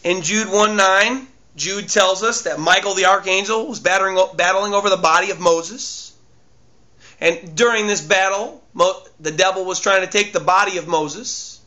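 Emphatic, bright-voiced male preacher. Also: high-pitched, moderate pace. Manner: emphatic, repeats key phrases. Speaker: pastor. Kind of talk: sermon.

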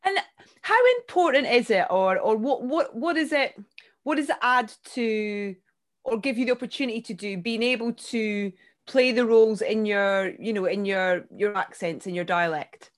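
A woman's voice: on the high side, moderate pace. Chatty woman interviewer. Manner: warm rambling questions with many restarts. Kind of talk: casual interview.

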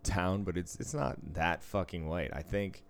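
A man's voice: low voice, steady tone, measured pace. A man from the area, telling rambling, profane stories in casual chat and laughing often. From Boston area, US. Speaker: podcast co-host, casino dealer.

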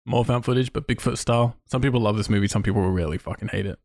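A man co-hosting a podcast in casual chat, enthusiastic and quick, swearing freely. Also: on the low side, gravelly, darkish tone, dry recording, studio quality. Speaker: podcast co-host.

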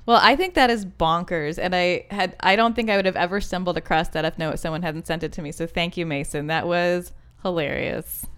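A woman's voice: on the low side, a little fast, hardly any pauses, a bit bright, clear, resonant tone. A woman co-hosting a podcast in casual chat, wry and joking. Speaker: podcast co-host.

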